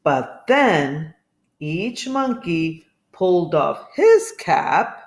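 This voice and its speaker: A woman reading a children's picture book aloud, expressive and asking listeners questions. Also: lowish voice, extremely slow. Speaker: storybook reader. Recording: echoey room.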